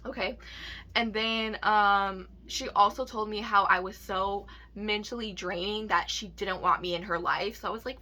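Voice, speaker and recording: Bright-voiced young woman ranting a storytime. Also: mid-range voice, steady tone, normal speed. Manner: candid, heavy swearing, many fillers and tag questions. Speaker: vlogger. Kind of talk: casual storytime rant.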